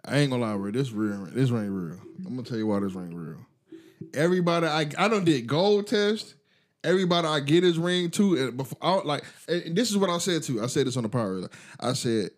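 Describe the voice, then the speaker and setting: Man, casual guest, low-key and insistent. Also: lively intonation, a little fast. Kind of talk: casual chat.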